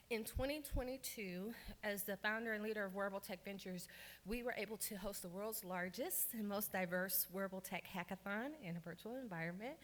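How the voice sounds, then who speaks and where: Energetic woman, interactive workshop talk, crowd hype, conference room. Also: mid-range voice. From Baltimore, Maryland. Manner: lively, hypes the audience with calls for applause. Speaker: workshop speaker.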